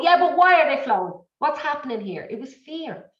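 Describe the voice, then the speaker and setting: A middle-aged woman speaking as an interview guest, telling her story in an emotional, repetitive, animated way. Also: high-pitched, brisk. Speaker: guest, business coach. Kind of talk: candid conversational interview. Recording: echoey, dull lo-fi audio.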